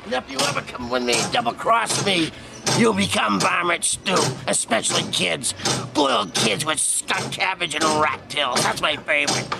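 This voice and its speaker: An actor playing a scraggly, menacing hill-dwelling villain with a Boston accent, snarling threats. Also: male voice, high voice, very animated, moderate pace, vocal fry, exaggerated voice. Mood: gleeful menace.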